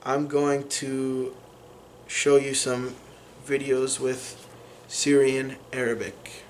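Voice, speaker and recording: A man teaching a lesson on pronunciation, explaining patiently with frequent pauses and fillers. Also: medium pitch, little pitch movement, a little hiss or hum. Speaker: language teacher.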